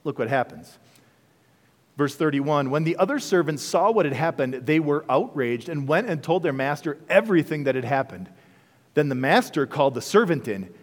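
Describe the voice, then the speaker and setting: A male pastor preaching a sermon, animated and full of rhetorical questions to the congregation. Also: a little high, moderate pace. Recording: long reverb of a large hall.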